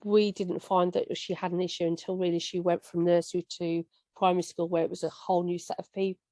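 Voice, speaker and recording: Mum hosting a panel, dark voice. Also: female voice, lowish voice, level tone, quick pace, no echo. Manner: earnest, conversational with restarts. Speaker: panel host, parent. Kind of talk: live panel discussion.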